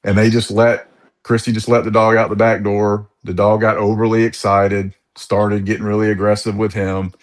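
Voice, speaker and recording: A man's voice: on the low side, flat delivery, moderate pace. A man in his forties on a coaching call, telling his story in a frustrated way and often acting out what was said. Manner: frustrated, retells conversations. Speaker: coaching client. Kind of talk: casual call.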